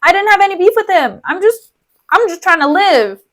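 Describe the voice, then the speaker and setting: A woman voicing Cassio, a wounded young man who pleads his case in a hurried, flustered way. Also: very high-pitched, very animated, fairly bright tone, pitched above the performer's own voice, heavily acted. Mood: defensive.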